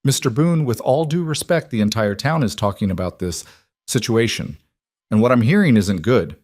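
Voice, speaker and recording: A man's voice: mid-range voice, lively intonation, normal speed, a little mellow, no room sound, natural voice. A man voicing a cold, snobbish older female shopkeeper in a western audio story, stiff and scornful.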